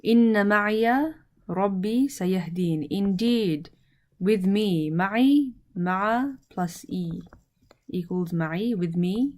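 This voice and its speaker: A woman teaching Arabic grammar in English, speaking slowly and deliberately and repeating each word with its meaning. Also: mid-range voice, lively intonation, a little mellow.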